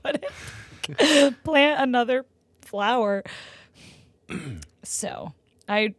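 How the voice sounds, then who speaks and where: A woman's voice: slow, pauses often, no room sound. A woman in her twenties co-hosting a podcast, chatting casually and telling stories animatedly with many "like" fillers. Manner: animated storyteller, many "like" fillers, gets loud and high when excited. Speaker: podcast co-host. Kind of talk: casual chat.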